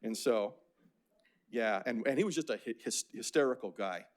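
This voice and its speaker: A man's voice: medium pitch, expressive, moderate pace. An older man from Phoenix giving a casual, anecdotal lecture about slides, with many fillers and restarts. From Phoenix, Arizona.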